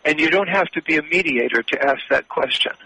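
A mediator with a fairly high, sharp, slightly rough voice answers interview questions, and the audio is poor. His replies are measured and explanatory, with frequent hesitations.

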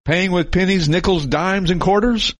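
This co-host, a man in his late fifties, has a high voice and a moderate pace. On a podcast, he tells stories casually and animatedly, acting out the voices of those he quotes, with no room sound in the recording.

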